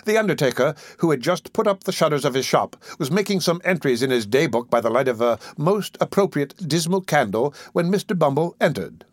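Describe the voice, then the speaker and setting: Male narrator, measured formal storytelling, classic novel reading, dry close sound. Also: on the high side, lively intonation, no room sound.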